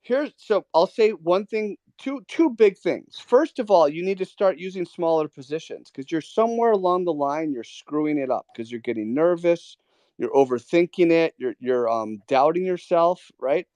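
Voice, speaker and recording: A man's voice: on the high side, lively intonation, moderate pace, a little mellow, dry recording. Emphatic man coaching traders. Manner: emphatic, coaching, repeats key points. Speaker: host of a trading Q&A. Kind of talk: casual mentoring talk.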